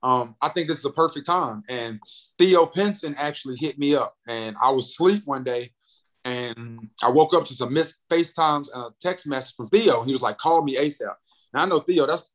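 Young guy from north carolina, comedian, talks big and jumpy, voice swings high on quotes. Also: fairly quick, poor audio. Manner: animated, acts out quotes with big pitch jumps. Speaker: comedian and radio host, guest. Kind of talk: casual interview storytelling.

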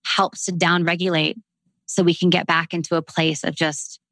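A woman in her thirties with a Canadian accent, chatting casually and then slowly guiding a breathing exercise in a soothing voice. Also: fairly low pitch, flat delivery, a bit bright, no echo. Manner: slow, soothing guidance with long pauses. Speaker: breathwork guest. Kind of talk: casual chat and guided breathwork.

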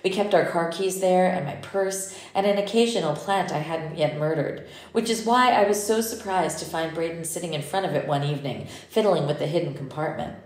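Low-voiced woman reading a novel in first person, roomy echo. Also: a little fast, few pauses. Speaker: audiobook narrator. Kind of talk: first-person audiobook narration.

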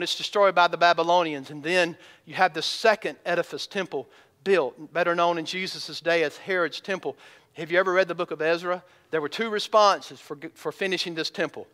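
Man, pastor, sermon, high bright voice, long hall reverb, questions to congregation. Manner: preaching with rhetorical questions to the congregation.

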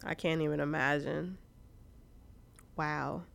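A woman co-hosting a podcast, chatting casually and telling stories in an animated, profane way. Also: low-pitched, takes it slowly, creaky. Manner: profane, animated storytelling with frequent laughs. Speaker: podcast co-host. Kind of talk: casual chat.

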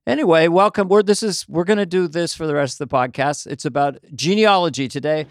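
A man's voice: fairly high pitch, fairly quick, dry recording, studio quality. A middle-aged man hosting a podcast, chatting casually in a rambling, self-deprecating, jokey way. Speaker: podcast host. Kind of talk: casual chat.

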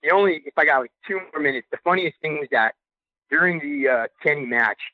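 A young adult man calling in to a podcast and telling a story in a casual, excited way with loose slang. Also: on the high side, brisk, no room sound. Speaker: podcast caller sharing a story. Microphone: phone call. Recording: tinny phone line, dry.

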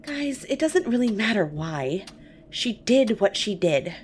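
A woman's voice: mid-range voice, very animated, a little slow, darkish tone, slight background noise. A woman playing a squeamish, fussy and nervous young woman in an audio drama.

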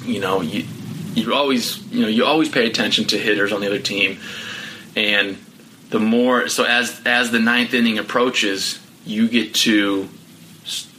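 A man's voice: on the low side, steady tone, a little slow, bright, forceful tone, a little hiss or hum, poor audio. A middle-aged man, a podcast guest, telling his story candidly and reflectively, with many "you know" fillers. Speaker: podcast guest, former pro pitcher.

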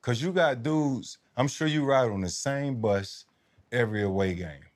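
A man hosting a podcast, chatting in a relaxed, slangy way. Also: medium pitch, normal speed. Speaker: podcast host. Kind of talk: casual chat.

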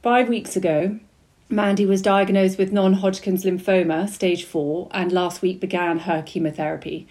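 A woman's voice: on the low side, fairly even intonation, normal speed, a little mellow. A woman hosting a podcast, chatting openly and thoughtfully before introducing her guest. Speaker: podcast host. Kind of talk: casual chat.

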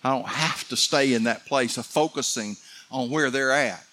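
A middle-aged man preaching a fervent sermon, building to excited peaks. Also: medium pitch, moderate pace. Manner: fervent, rising to shouts of excitement. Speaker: pastor.

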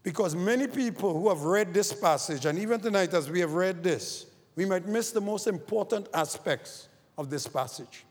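A man delivering a sermon in a high-pitched voice, rising loud on key phrases and sinking low and slow on others. The sound carries a long reverb, as in a large hall. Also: breathy edge. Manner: preaching with sweeping rises and falls in pitch and loudness. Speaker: preacher.

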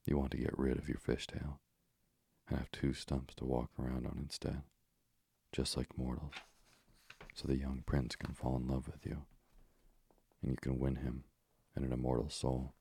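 A man voicing a hideous, scornful old sea witch in a storybook reading, with slow, gravelly menace. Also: very deep voice, monotone, dark tone, dry recording, exaggerated voice. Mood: menacing.

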